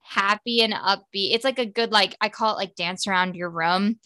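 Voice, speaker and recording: A woman's voice: mid-range voice, bright, forceful tone. A young woman in her twenties chatting casually as a podcast co-host, gushing and full of "like" fillers. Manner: fan-girly, quick, lots of "like" fillers. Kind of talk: casual chat.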